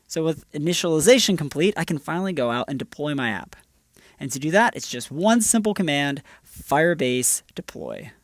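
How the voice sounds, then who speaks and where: A man's voice: a little high, lively intonation, moderate pace, dry recording, clean studio sound. A man presenting a screencast tutorial, walking through each step in an upbeat, casual way. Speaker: developer advocate presenting a tutorial.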